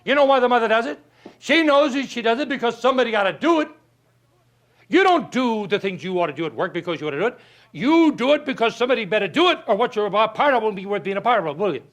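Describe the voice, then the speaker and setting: A man's voice: very high-pitched, animated, quick pace, fairly bright tone. A man giving a folksy motivational speech, full of rhetorical questions and stories. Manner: emphatic, rhetorical questions, storytelling. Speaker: motivational speaker.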